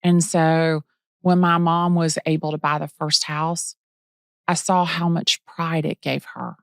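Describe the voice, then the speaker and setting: Deep-voiced bubbly middle-aged woman. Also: unhurried, vocal fry, no echo, clean studio sound. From Atlanta area. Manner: bubbly, animated, acts out quotes. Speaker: real estate agent, guest. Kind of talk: casual interview storytelling.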